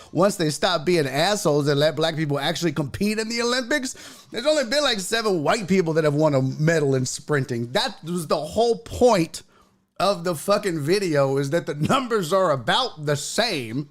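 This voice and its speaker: A man hosting a sports talk livestream, chatting casually in a rambling, profane way and laughing often. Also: high-pitched. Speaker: sports show host.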